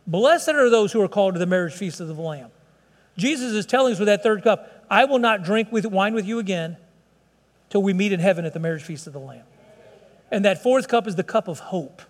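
A pastor with a high voice delivers an earnest, pleading sermon, stumbling and restarting his phrases as he goes. His voice rings out in a church sanctuary, carried by a long reverb. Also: expressive, a little fast.

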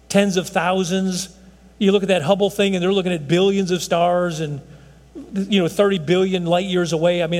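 A man in his sixties delivers a folksy sermon in a high voice. His words ring out with a long reverb, as in a large hall. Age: 60s. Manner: folksy, repeats "folks, I'm telling you". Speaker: pastor.

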